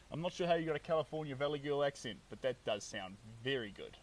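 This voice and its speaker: A man's voice: mid-range voice, lively intonation, fast, few pauses, recorded from a distance, slight background noise, poor audio. A man with a New Zealand accent chatting upbeat and casually while painting on a live stream, reading out viewer comments.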